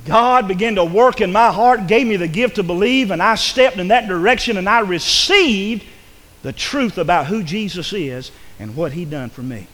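A man preaching a sermon in church, swinging between loud, emphatic passages and hushed ones. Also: high voice, lively intonation, normal speed, big-room sound. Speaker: pastor.

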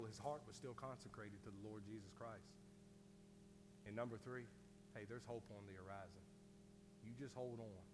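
A man preaching to a congregation as a lay preacher, folksy in speech, swinging from shouted fervor to hushed, earnest pleading. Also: on the low side. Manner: folksy, says ain't and indeedy. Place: church sanctuary. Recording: long hall reverb, faint hum.

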